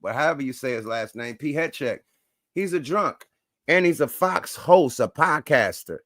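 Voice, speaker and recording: A man's voice: medium pitch, animated, moderate pace, a bit bright, no room sound, studio quality. A man hosting a show, reacting to clips with loose, profane, emphatic commentary and catchphrases. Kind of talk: casual commentary.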